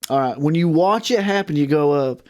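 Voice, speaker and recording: A woman guest in casual podcast chat, telling animated, profane stories and laughing often. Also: low-pitched, a little fast.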